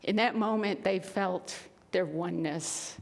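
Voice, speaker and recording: A woman minister tells a story in earnest sermon style, sometimes falling to a hush. Her voice rings out with a long reverb, as in a church hall. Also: on the low side, measured pace, creaky. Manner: earnest storytelling with soft, hushed passages. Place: spiritual center sanctuary.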